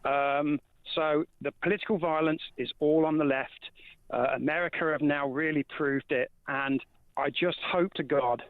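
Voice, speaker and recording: A man's voice: a little high, fairly even intonation, normal speed, no echo. A male caller on a phone-in radio show, talking in a heated way and repeating words when worked up. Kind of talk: phone-in call. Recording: tinny phone line.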